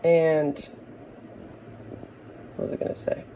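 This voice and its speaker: A woman's voice: slow, mellow, slight background noise, low-quality recording. A woman in her early thirties talking casually to camera, rambling from tangent to tangent with wry, profane humor. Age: early 30s. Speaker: vlogger.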